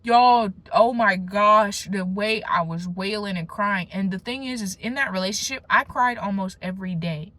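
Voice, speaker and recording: Young adult woman, casual testimony vlogger, emphatic and chatty with restarts, swings between lively bursts and hushed lows. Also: moderate pace, few pauses, no room sound. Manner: emphatic, conversational, with slangy asides and restarts. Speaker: faith vlogger.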